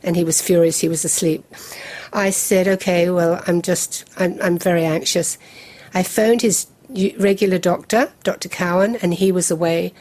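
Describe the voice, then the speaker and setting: A woman in her seventies tells her story to an interviewer. Her voice sits a little low, and she walks through events step by step in a measured, detailed way. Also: steady tone, a little mellow. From England. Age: 70s. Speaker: guest. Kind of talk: recounting a personal memory in an interview.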